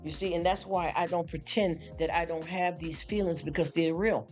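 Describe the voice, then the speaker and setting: Brief: weary host, mid-pitched voice, loose rambling faith chat over soft music. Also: fairly even intonation, normal speed. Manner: rambling, repeats "you understand?". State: tired after a long work shift. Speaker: live streamer. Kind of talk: casual spoken faith talk to a live chat. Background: faint background music.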